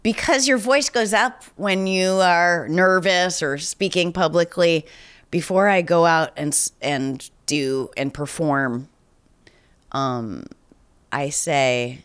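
A woman's voice: deep voice, clear, resonant tone. A woman hosting a podcast in casual chat, slightly nasal as if she has a cold, rambling and self-deprecating. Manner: rambling and self-deprecating, with frequent restarts and laughs. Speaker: podcast host. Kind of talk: casual chat answering voicemails.

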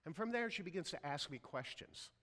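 A man's voice: fairly high pitch, animated, brisk, sharp tone, husky, in a large hall. A man preaching a sermon as a pastor, telling a story and acting out the people in it. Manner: storytelling, acts out quoted voices. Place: church sanctuary.

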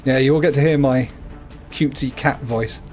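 At a normal speed and in a slightly mellow tone, a man casually comments on the game he is livestreaming while soft music plays behind him. Chatty and playful, he frequently breaks into a high coo aimed at his cat.

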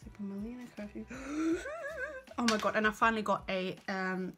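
Brief: young female beauty vlogger, excitable and gushy, music bed underneath. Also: medium pitch, quick pace. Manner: excitable, gushing, lots of exclamations. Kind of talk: casual vlog chat.

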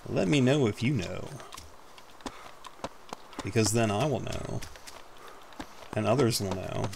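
A man's voice: lowish voice, lively intonation, takes it slowly, creaky, a little mellow, slight background noise. A man giving casual, rambling commentary over his own gameplay, self-mocking and casually swearing. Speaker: gaming YouTuber.

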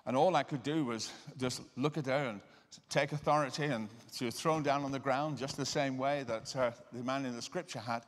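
A man giving a sermon-style lecture. He tells personal stories and slows down to stress key words. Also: mid-range voice, steady tone. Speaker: guest lecturer and deliverance minister. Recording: reverberant lecture hall.

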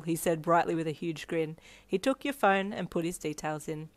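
A woman narrates a second-person fan story in an expressive reading voice. Her tone sits a bit low, and the recording is close and dry with no room echo. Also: moderate pace. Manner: expressive, voicing every character. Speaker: fan fiction reader. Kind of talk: narrated reader-insert story.

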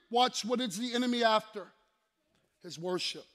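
A man's voice: high voice, moderate pace, long pauses, fairly bright tone. A man preaching a sermon with emphatic, repetitive declarations, leading his congregation in call-and-response and slipping in playful asides.

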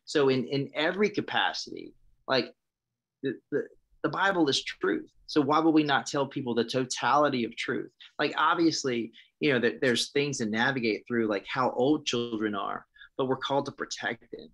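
A man in his thirties, a pastor and interview guest, shares his testimony at a moderate pace in a mid-range, fairly bright voice with some vocal fry. He comes across as earnest and impassioned, sermon-like, frequently starting sentences over.

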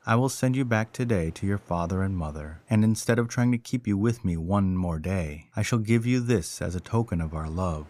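A man voicing a gentle young sea princess in a storybook tale, speaking softly and sadly. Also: deep voice, moderate pace, hardly any pauses, natural voice. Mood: sorrowful. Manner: soft and sad.

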